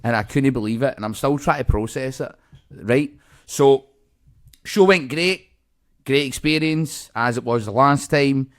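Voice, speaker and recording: A Scottish co-host of a comedy podcast tells a story in casual chat, swearing a lot and acting out the voices of the people involved. His voice is medium in pitch and a little slow.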